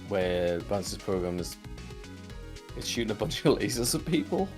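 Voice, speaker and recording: Music plays in the background as a man co-hosts a podcast, casually recapping a cartoon episode. His voice is on the low side with big pitch swings at a normal speed, and he rambles, leans on fillers, swears occasionally and laughs while retelling scenes.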